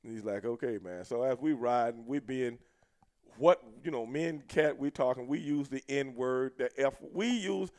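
A middle-aged American man telling a road story casually, cursing a lot and shouting out the lines he quotes. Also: medium pitch, normal speed. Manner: profane, animated, shouts when quoting himself.

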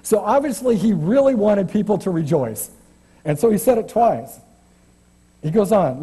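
Husky, dark-voiced male preacher. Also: high-pitched, animated, normal speed. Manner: chatty, self-deprecating, restarts often. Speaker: guest preacher. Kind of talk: informal church sermon. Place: church sanctuary.

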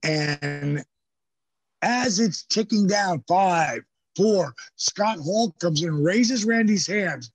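A man guest on a podcast, telling animated stories, swearing freely and acting out the voices of the people in them. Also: high voice, very slow, slightly rough. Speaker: podcast guest, former pro wrestler. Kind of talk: casual storytelling interview. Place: podcast studio.

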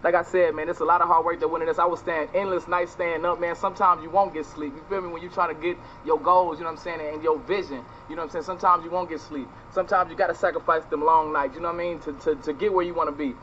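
A young man talking outdoors to his fans, energetic and full of "man" and "bro" fillers. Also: a little high, fast, few pauses. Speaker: YouTuber. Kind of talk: excited thank-you vlog. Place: outdoors on a hot day. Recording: slightly muffled, faint ambient noise.

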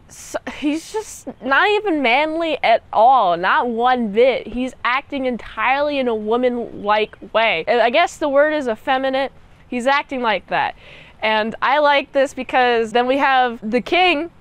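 A woman's voice: high voice, unhurried, clear, resonant tone, dry recording. A young woman giving a casual movie recap and review, chatty and slangy, peppered with "like" and "dude".

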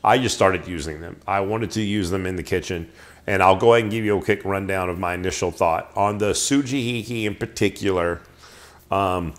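A man's voice: on the low side, moderate pace. A man hosting a show, giving a casual, chatty product review full of ums and restarts. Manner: chatty, filler-heavy, restarts sentences.

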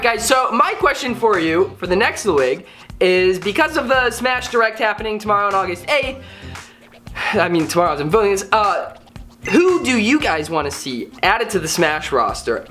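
A young man with a high, fairly bright voice goofs around in a relaxed comedy vlog. He reads out comments from viewers, reacting with playful, over-the-top mock drama.

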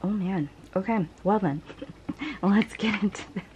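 A woman chatting through an unboxing, gushing and breathless, her voice sitting at an ordinary middle pitch. She drops into soft whispers now and then. Faint room noise hums underneath. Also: measured pace. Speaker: vlogger. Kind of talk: casual unboxing chat.

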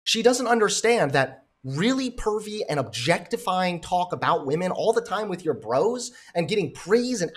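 A man giving reaction commentary with open scorn and heavy sarcasm, swearing freely. His voice sits slightly high for a man. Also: husky. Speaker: commentary host.

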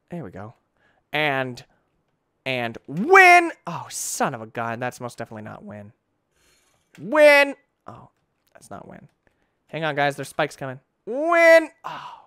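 Excitable man with a lively, bright voice. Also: mid-range voice, no room sound, studio quality. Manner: excitable, goofy, talks to the game, bursts into shouts. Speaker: game commentator. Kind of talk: let's play commentary.

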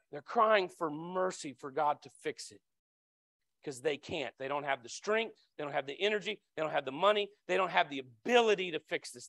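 A man preaching a sermon as a church elder, talking conversationally, often repeating his words, and breaking into loud high cries when voicing the people in the story. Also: no echo, clean studio sound. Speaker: lay preacher. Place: church sanctuary.

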